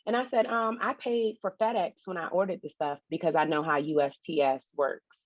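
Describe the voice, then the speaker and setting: A woman's voice: fairly low pitch, fairly even intonation, brisk, hardly any pauses, no room sound. A woman co-hosting a podcast, telling a complaint story in blunt casual chat, swearing freely and acting out the calls. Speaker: podcast co-host. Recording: dull, dry, slightly lo-fi.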